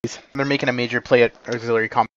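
A man's voice: medium pitch, level tone, rapid-fire, dry recording, muffled recording. A man commanding teammates over game voice chat in clipped, radio-style orders. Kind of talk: voice comms, giving orders.

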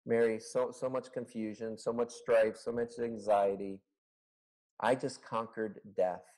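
Pastor-Stimme über Videoanruf. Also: male voice, fairly low pitch, fairly even intonation, measured pace, a little mellow, low-quality recording. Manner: earnest, conversational teaching with rhetorical questions. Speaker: pastor teaching a Bible study. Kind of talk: Bible study teaching. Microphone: video call. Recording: online video call recording.

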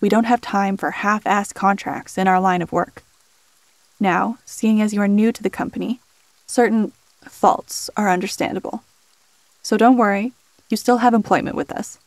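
A woman voicing a smooth middle-aged male HR boss with polished, condescending politeness. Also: medium pitch, steady tone, moderate pace, dry recording, lightly acted. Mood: smug.

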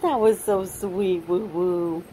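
A woman cooing affectionately at her dogs in drawn-out baby talk. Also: on the low side, steady tone, dark tone, slight background noise. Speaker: dog owner.

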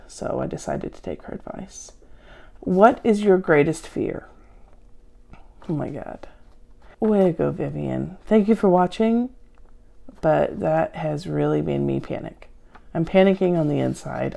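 A woman with a low, heavily gravelly voice and a mellow, dark tone answers viewer questions. Her delivery is deadpan and sarcastic, full of self-mocking asides. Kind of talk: deadpan comedic Q&A. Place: at home.

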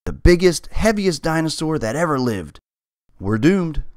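A man's voice: medium pitch, big pitch swings, moderate pace, no echo, clean studio sound. A man voicing a fearful young female cat in a storybook, gloomy and dramatic about every danger. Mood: dramatic dread.

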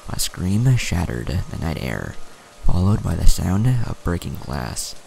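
Gravelly, very deep-voiced male horror narrator. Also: very animated, unhurried, mellow, slight background noise. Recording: music playing behind.

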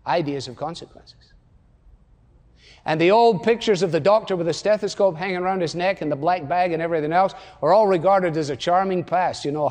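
A man's voice: high voice, normal speed, long pauses, darkish tone. A man in his sixties preaching a sermon, firing rhetorical questions and hammering points home through repetition. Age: 60s. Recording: long hall reverb.

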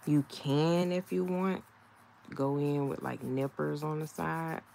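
A woman chats casually while doing her nails at home, laughing often and talking to herself. Her voice sits low and gravelly, and she takes her time. A faint background hiss runs under the recording. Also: steady tone, slow, dark tone. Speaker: nail vlogger. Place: home, indoors.

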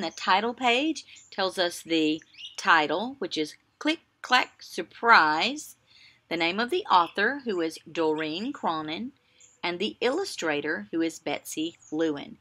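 A woman teaching young children in a video lesson, coaxing answers in a slow sing-song way and pausing for replies. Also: on the low side, sharp tone.

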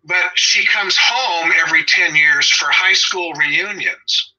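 A sharp, piercingly bright voice from a man in his sixties with a Southern Californian accent, a little higher than most men. He talks dog training in an opinionated, wry way, wandering into digressions. The sound is husky and the audio dull and lo-fi. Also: slow pace. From Los Angeles. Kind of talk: casual podcast chat.

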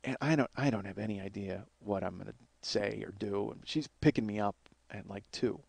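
A comedian host telling a crude personal story in a rambling, profane way, often repeating and restarting himself. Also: male voice, fairly low pitch, fairly quick, gravelly, darkish tone, no echo.

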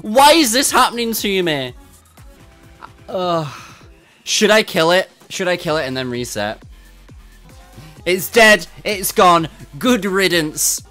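Blunt, swearing streamer. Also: male voice, sits high, animated, slow, long pauses, bright, forceful tone, faint music behind. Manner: blunt, swears freely, frustrated banter with chat. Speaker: game streamer. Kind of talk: casual livestream chat.

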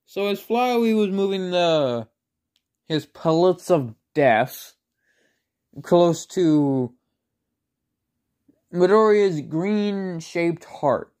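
A man's voice: high voice, lively intonation, drawn-out words, long pauses, a little mellow. A man casually telling a made-up fan story, rambling with lots of filler words and self-conscious asides.

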